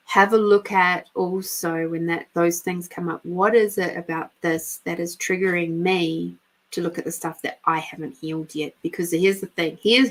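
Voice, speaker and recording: A middle-aged woman hosting a live spiritual reading podcast, talking frankly, swearing freely and laughing often. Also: lowish voice. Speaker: intuitive reader and podcast host. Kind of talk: casual spiritual guidance talk.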